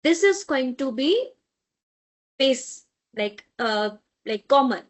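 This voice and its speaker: A woman teaching an online language lesson, patient and repeating phrases slowly for learners to echo. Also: high voice, expressive.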